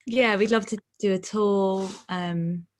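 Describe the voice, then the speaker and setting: A woman's voice: medium pitch, steady tone, takes it slowly. A woman, a band member, chatting easily on a video call, hesitant, with lots of ums. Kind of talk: casual interview chat.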